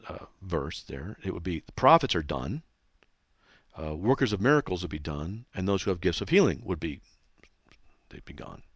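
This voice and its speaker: A man's voice: deep voice, dry recording, studio quality. Man teaching Bible with rhetorical questions. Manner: reads scripture aloud, then asks pointed rhetorical questions. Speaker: radio host.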